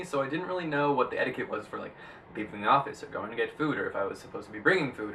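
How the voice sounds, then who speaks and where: A young man vlogging in a chatty, rambling way, full of "like" and excitable bursts. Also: mid-range voice, far from the mic, slight background noise, rough recording. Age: young adult. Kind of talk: casual vlog monologue.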